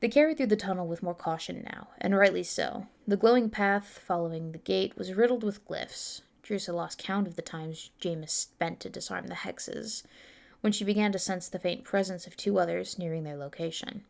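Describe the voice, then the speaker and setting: Woman with a gravelly, fry-tinged voice. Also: fairly low pitch, normal speed, darkish tone. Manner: casual, talks herself through it. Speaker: author reading her own novel on stream. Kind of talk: livestream chat and book reading.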